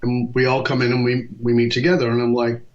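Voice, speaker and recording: Recorded in dull lo-fi podcast quality, a fifties-aged English man who works as a leadership speaker recounts stories in an interview. His voice sits mid-range, and he's animated, voicing quoted lines and tossing off fast asides.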